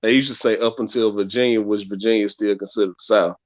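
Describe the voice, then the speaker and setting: A man with a fairly low voice talks sports in a loose, easygoing way. He keeps circling back and repeating his words as he thinks aloud. The sound is close and dry, with no room around it. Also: fairly even intonation, fast talker, no echo. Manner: laid-back, repeats and restarts phrases. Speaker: podcast co-host. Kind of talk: casual sports chat.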